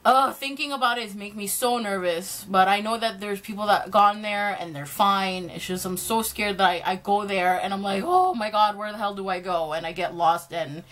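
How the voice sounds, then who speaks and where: Young woman vlogger rambling thru fan q&a, bright sharp voice, laughs at herself a lot. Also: medium pitch, fairly even intonation, normal speed, hardly any pauses. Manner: chatty, self-deprecating, laughs often. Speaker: YouTuber answering fan questions. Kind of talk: casual Q&A vlog.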